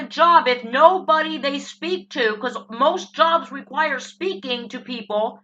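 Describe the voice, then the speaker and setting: Brash high-voiced New Jersey woman ranting. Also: a little slow, fairly bright tone, muffled recording, slight background noise. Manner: brash, blunt, profane. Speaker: political commentator. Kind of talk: ranting comic monologue.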